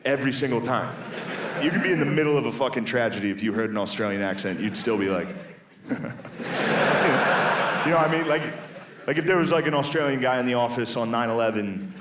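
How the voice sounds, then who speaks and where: A man's voice: mid-range voice, fairly quick, long pauses. A man doing stand-up, loose and laughing as he rambles. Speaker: stand-up comedian. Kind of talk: stand-up comedy. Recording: distant, roomy mic with noise.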